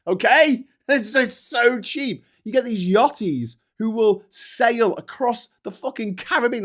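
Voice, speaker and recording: Hosting a loose political commentary show, a British man swears freely and needles his targets with taunting sarcasm. His voice sits high for a man, fairly bright in tone, with an easy, conversational delivery.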